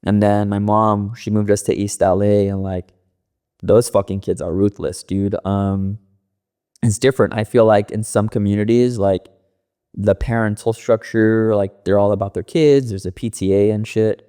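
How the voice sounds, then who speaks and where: A man's voice: lowish voice, steady tone, normal speed, warm tone, clear, resonant tone. A young man from the Los Angeles area, a podcast guest, telling loose and profane stories in casual interview talk, full of fillers.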